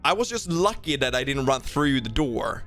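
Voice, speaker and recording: A man giving lively gameplay commentary with a friend, exclaiming and laughing often. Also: medium pitch, moderate pace, faint music behind. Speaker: gamer in a co-op session.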